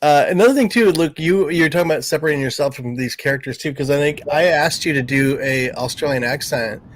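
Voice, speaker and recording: Male director, mid-pitch, dead-dry mic, lively anecdote mode. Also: fast talker, no echo. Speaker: film director guest. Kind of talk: casual chat on a video call.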